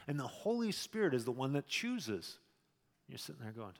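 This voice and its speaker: Male pastor, conversational sermon, swings loud then soft, mid-pitched voice, long hall echo. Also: sing-song, moderate pace. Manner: conversational preaching, shifts between loud emphasis and quiet asides.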